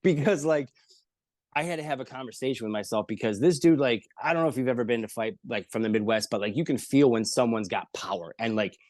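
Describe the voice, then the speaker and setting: A man's voice: medium pitch, quick pace, darkish tone, no echo, studio quality. A man, a comedian guest on a podcast, telling a long story in casual chat, rambling and profane with lots of filler words.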